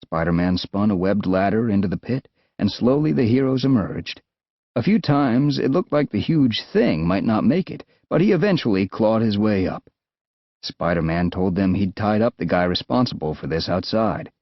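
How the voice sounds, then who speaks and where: A man with an American accent narrating an adventure audiobook in a lively, expressive way. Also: on the low side, moderate pace, no echo. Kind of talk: scripted narration. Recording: dull, dry studio sound.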